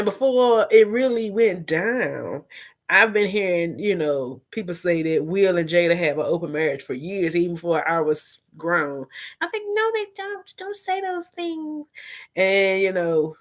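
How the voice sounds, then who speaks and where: A woman hosting a casual gossip vlog, animated and profane, laughing and talking straight to her viewers. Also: lowish voice. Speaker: vlog host.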